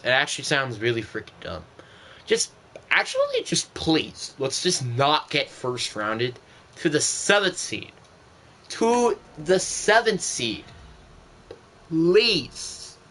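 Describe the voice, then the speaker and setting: A man's voice: a little high, huge pitch swings, takes it slowly, long pauses, bright, forceful tone. A young man streaming a football video game, giving casual gameplay commentary in an exasperated, ranting way.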